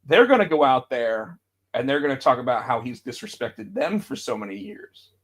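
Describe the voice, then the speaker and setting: A man co-hosting a podcast, chatting casually about wrestling and acting out quotes with big jumps in his voice. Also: normal speed. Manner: animated, acts out quotes with big pitch jumps. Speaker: podcast co-host.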